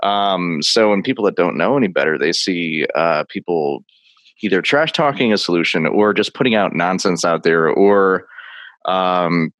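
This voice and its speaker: A man speaks as an interview guest in a very low voice. The sound is dry and close. His talk meanders with fillers and the odd joke. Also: normal speed, fairly bright tone, dry recording, rough recording. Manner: joking, loose, meandering. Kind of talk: casual video call interview.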